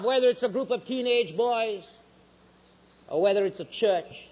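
A man preaching a sermon with passion, his voice rising high and loud and then dropping low and quiet. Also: normal speed, pauses often. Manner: impassioned preaching, swinging from loud highs to low quiet lines. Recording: dull lo-fi recording in a reverberant hall.

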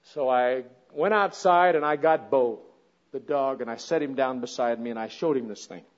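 A man telling a homespun story as part of a sermon, chatty and plain, breaking into loud animated exclamations. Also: medium pitch, moderate pace. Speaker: speaker at a women's gathering. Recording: dull lo-fi recording.

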